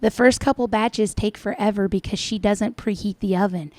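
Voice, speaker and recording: A woman's voice: medium pitch, steady tone, normal speed, a little mellow. A woman giving sarcastic, scolding reaction commentary over a cooking video. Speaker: commentator reacting to another vlogger.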